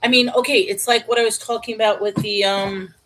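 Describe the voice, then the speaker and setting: A woman's voice: on the high side, fairly even intonation, brisk, a bit bright, rough recording. A woman hosting a casual livestream about Bible study, reading viewer comments and thinking aloud with fillers and restarts. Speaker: livestream host reading chat.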